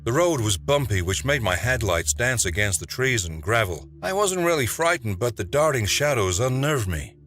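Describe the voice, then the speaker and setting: A man's voice: mid-range voice, big pitch swings, normal speed, few pauses, fairly bright tone. A man narrating a first-person horror story in a dramatic, tense way. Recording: narration over music.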